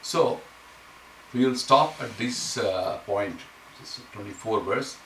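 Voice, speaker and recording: A man's voice: fairly low pitch, fairly bright tone. A man leads a scripture class, explaining Sanskrit verses word by word. He sounds distant in an echoey room. A faint hiss runs underneath. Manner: explains Sanskrit verses slowly, chanting lines for students to repeat. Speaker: teacher. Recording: echoey room, mic far off, faint noise.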